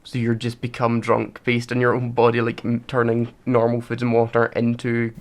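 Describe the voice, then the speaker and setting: A podcast co-host with a mid-range, monotone voice speaks at normal speed in a casual chat. He argues his point and reads out facts.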